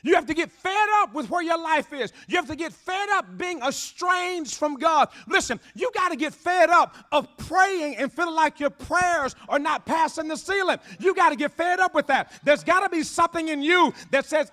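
A man preaching a fervent sermon with call-and-response, repeating phrases and building to shouts. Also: very high-pitched, moderate pace, hardly any pauses. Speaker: pastor.

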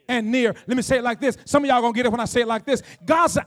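High-voiced preaching man. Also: quick pace, hardly any pauses. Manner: preaching with rising shouts and call-outs to the congregation. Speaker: pastor. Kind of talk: sermon.

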